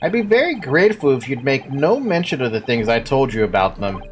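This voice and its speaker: A woman voicing a polite, mild-mannered middle-aged gentleman who speaks formally and apologetically. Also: very deep voice, sing-song, brisk, faint music behind. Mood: earnest.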